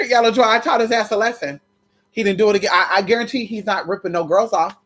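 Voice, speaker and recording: A woman's voice: medium pitch, fairly even intonation, quick pace, a bit bright. A woman vlogger telling a brash, profane story straight to her viewers in a chatty way. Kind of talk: storytime chat to camera.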